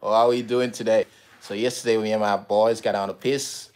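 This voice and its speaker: A man's voice: fairly low pitch, flat delivery, a little fast, a little mellow, close to an everyday voice. A man putting on an Australian accent to play a laid-back, slangy Australian bloke. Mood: jokey. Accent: put-on Australian. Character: jokey Australian bloke, young adult male.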